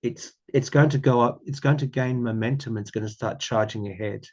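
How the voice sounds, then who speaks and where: A man's voice: mid-range voice, steady tone, fairly quick. Aussie guy doing a tarot reading, kinda rambly, repeats himself a lot, mid voice, bit muffled audio. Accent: Australian. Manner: musing, repeats phrases, frequent ums and soft laughs. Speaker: tarot reader. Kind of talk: casual tarot reading to camera.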